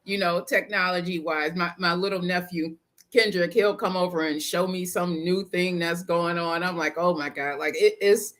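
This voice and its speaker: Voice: medium pitch, fairly even intonation. Chatty co-host who laughs along. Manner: warm, quick to laugh and agree. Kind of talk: casual chat.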